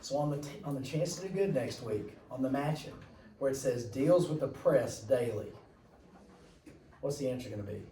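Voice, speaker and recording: A man's voice: medium pitch, lively intonation, quick pace, dark tone, distant mic. Rambling male teacher in an echoey classroom. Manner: chatty, rambling, jokey asides to students. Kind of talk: classroom lecture.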